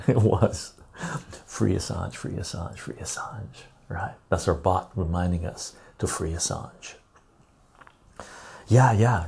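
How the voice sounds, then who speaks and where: Gravelly, low-voiced man hosting a stream. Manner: reads viewer messages aloud and answers them; relaxed and rambling, with frequent fillers. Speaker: live-stream host. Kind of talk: casual live-stream chat.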